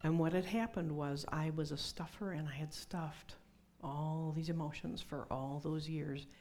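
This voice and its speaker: Woman preacher, middle-aged, conversational sermon, confiding, warm dark tone. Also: low voice, steady tone, a little slow, slight background noise. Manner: conversational, confiding, drops to whispers for emphasis. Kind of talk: sermon with personal testimony.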